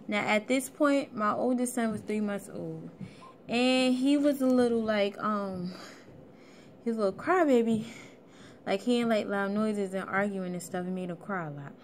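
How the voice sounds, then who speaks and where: A young woman tells her viewers a personal story in a casual, plainspoken vlog style, swearing freely as she goes. She sounds a little out of breath, and her voice sits at an ordinary middle pitch. A faint hiss runs underneath the recording. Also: moderate pace. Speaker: vlogger.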